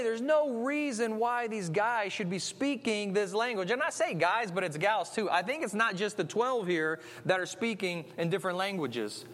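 A man's voice: high voice, a bit bright. A man preaching a conversational sermon, chatty and tossing in tag questions and restarts as he goes. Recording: long hall reverb.

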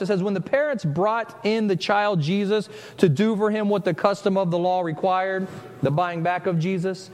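A male pastor delivers a chatty sermon, his voice sitting fairly high for a man. He interrupts himself often and slips into short acted-out quotes. The sound carries a long, echoing hall reverb. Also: a little mellow. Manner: conversational, self-interrupting, acts out quoted voices.

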